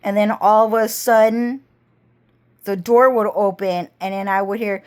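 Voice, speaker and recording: A woman's voice: mid-range voice, fairly even intonation, darkish tone, smooth. A woman telling a rambling story to her camera, cursing constantly. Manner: rambling, heavy cursing, slow drawl. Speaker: vlogger. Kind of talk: casual storytelling monologue.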